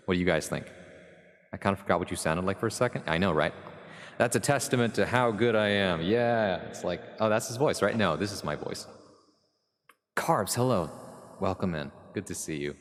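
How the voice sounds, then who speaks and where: A man's voice: deep voice, animated, moderate pace, pauses often, big-room sound. An American man streaming live, chatting in a rambling, jokey way straight to his viewers. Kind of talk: casual chat with live chat.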